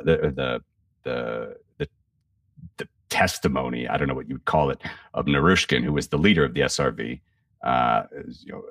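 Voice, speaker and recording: Super deep voiced guy ranting on a podcast, swears a lot, restarts constantly, mic kinda far off in a dead dry room. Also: dry recording. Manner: blunt, profane, rambling with frequent restarts. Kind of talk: casual political commentary.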